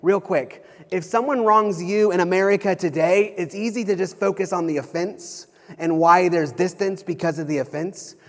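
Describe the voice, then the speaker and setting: A man's voice: high-pitched, normal speed. A man in his thirties preaching a sermon as a pastor, talking conversationally with frequent restarts and repeated phrases. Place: church sanctuary. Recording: long hall reverb.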